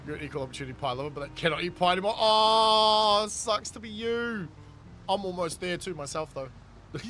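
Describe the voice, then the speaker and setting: A game streamer from New Zealand chats casually with his live viewers while he plays, reading the chat aloud and laughing a lot. His male voice sits on the high side and is fairly bright, and he talks very fast over slight background noise.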